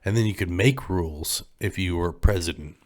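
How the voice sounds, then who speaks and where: Low-voiced man in laid-back chat. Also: normal speed. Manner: rambling, laughs often, trails off quietly. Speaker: podcast co-host. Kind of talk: casual chat.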